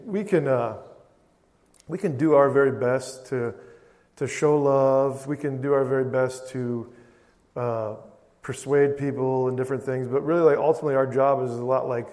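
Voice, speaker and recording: A man preaching a sermon earnestly, repeating phrases for emphasis and moving between quiet passages and loud declarations. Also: mid-range voice, long reverb tail.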